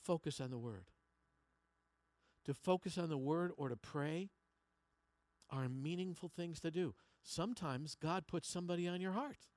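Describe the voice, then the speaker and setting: A man preaching a sermon in a dry, close sound, his voice sitting a little high. He drops to soft, slow stretches and then climbs to loud, emphatic peaks, often doubling words as he gathers his thoughts. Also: no echo. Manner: repeats words while finding his phrasing. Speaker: pastor.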